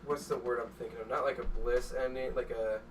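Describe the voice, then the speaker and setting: A man's voice: medium pitch, fairly even intonation, a little fast, distant mic, slight background noise. A young man co-hosting a podcast, rambling in casual chat and swearing freely. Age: young adult. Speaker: podcast co-host.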